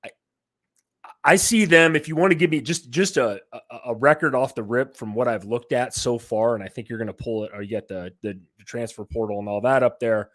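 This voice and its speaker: A man co-hosting a casual sports podcast, excitable and jokey, with lots of fillers. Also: medium pitch, a little fast, dry recording, clean studio sound. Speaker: podcast co-host.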